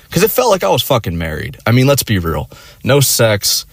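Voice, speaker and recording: A man's voice: fairly low pitch, huge pitch swings, fairly quick, slightly rough, dry recording. A young man telling a personal story in a crude, profane, rambling way, with lots of fillers. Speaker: vlogger. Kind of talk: casual storytelling.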